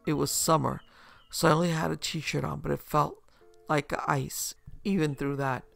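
A man narrating a first-person horror story in a steady, scripted telling. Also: a little high, moderate pace, gravelly, no room sound, faint music behind.

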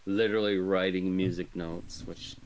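A man's voice: low-pitched, level tone, moderate pace, slight background noise, rough recording. A man co-hosting a podcast, recapping a movie's plot casually with dry, sarcastic quips. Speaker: podcast co-host. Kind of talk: casual movie review chat.

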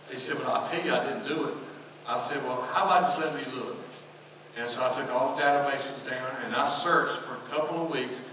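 A man's voice: mid-range voice, sharp tone. A middle-aged man with a Southern US accent, a pastor telling a story in a sermon and acting out the dialogue. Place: church sanctuary. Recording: echoey hall from far off, noisy.

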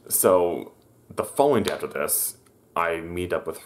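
A man telling a personal story to his viewers, halting, stammering and correcting himself as he goes. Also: low-pitched, lively intonation. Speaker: vlogger.

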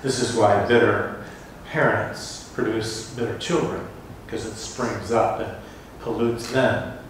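A man's voice: on the low side, fairly even intonation, unhurried, noisy background. A male pastor preaching a sermon, reading scripture with dramatic rises in his voice. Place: church sanctuary. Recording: echoey church hall from far off.

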